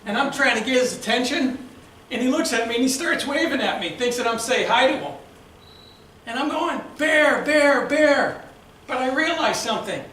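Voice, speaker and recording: High, bright-voiced man with a Boston accent. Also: fast, slight background noise. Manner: lively storyteller, acts out shouted quotes. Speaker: club speaker. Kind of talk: prepared storytelling speech. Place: club meeting room. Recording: echoey room from far off.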